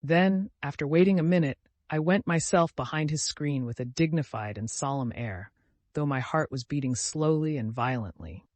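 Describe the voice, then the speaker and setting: A man narrating a classic story in steady, scripted audiobook reading. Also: on the high side, moderate pace, no room sound.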